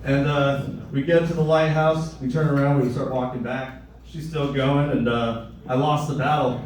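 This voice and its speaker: A young man performing a crude, rambling stand-up comedy set, jumping into loud high voices for the people he quotes. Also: steady tone, moderate pace, slight background noise. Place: live comedy club. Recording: echoey room, mic a bit distant.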